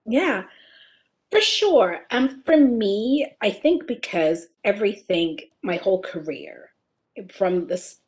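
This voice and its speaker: A woman author being interviewed, talking expressively and dropping into soft, gentle affirmations as she explains her practice. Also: lowish voice. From England. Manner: warm, expressive storytelling, softens into gentle affirmations. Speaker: author and guest. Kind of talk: conversational interview.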